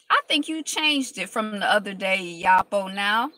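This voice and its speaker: A woman's voice: medium pitch, animated, measured pace, few pauses, bright, forceful tone. A woman with a cold, hosting a casual live stream from inside a car, chatting with viewers and greeting them by name. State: has a cold.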